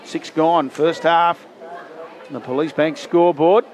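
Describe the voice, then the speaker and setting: A man's voice: steady tone, unhurried. A man commenting live on a rugby league game at an outdoor ground, lifting his voice for big plays. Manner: lifts pitch and volume in big plays. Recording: loud crowd and outdoor noise. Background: crowd and outdoor ambience.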